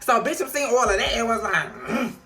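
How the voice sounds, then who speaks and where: A woman giving a casual video review of a TV episode, sassy, animated and full of profanity. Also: fairly high pitch, a little fast, faint music behind. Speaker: TV show reviewer.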